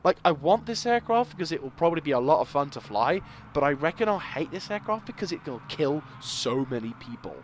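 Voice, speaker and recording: A young man hosting casual game commentary, excitable and rambling, with loud exclamations. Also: fairly high pitch, brisk, hardly any pauses, a little hiss or hum. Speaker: gaming video host.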